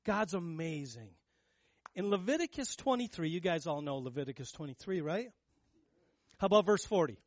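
A male pastor preaching in an emphatic, conversational way, often asking his listeners questions. His voice sits a little high for a man. The sound is dry and close, with little room echo. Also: animated, normal speed. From United States. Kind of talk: sermon.

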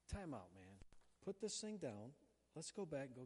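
A man's voice: a little high, animated. Conversational male pastor in a reverberant hall. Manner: conversational preaching, acts out prayers in quick asides. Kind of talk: sermon.

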